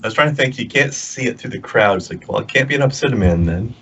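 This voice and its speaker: A man's voice: medium pitch, lively intonation, fast talker, pushed and bright, husky, highs cut off. A man playing a tabletop game, cracking jokes from the side. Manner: wisecracking banter. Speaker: player. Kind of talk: casual tabletop play.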